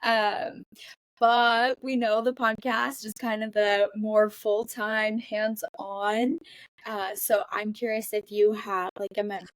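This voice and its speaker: A woman's voice: mid-range voice, flat delivery, takes it slowly, no echo. Woman host asking questions, dry sound. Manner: friendly, hesitant questioning with fillers. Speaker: podcast host. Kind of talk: casual interview questions.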